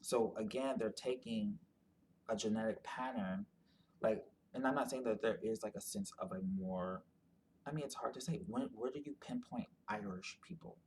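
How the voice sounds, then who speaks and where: A man with a fairly low voice talks through a topic off the cuff, circling back and restarting his sentences. He leans on filler words as he works out his points, and a faint hiss sits under the recording. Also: moderate pace, a little mellow. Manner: rambling, full of "like" and restarts. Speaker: commentator on genetic ancestry. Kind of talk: casual explanatory monologue.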